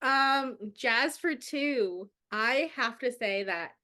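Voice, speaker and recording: High-voiced excitable young woman. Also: slow. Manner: emotional, excitable, gushing. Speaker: podcast co-host. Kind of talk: casual chat.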